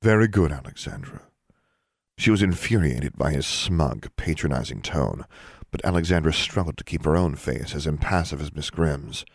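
A male audiobook narrator with a very deep, husky voice, reading at a steady, even pace. The recording is close and dry, with no room sound. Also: normal speed, dry recording.

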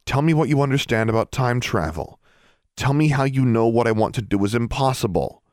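A headstrong young witch girl who argues and demands answers, as a male narrator raises his voice for her. Her questions come sharp and pressing, held close and dry. The storybook reading keeps her insistent rather than playful. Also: medium pitch, sing-song, moderate pace, no echo, pitched above the performer's own voice. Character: determined stubborn schoolgirl witch, young.

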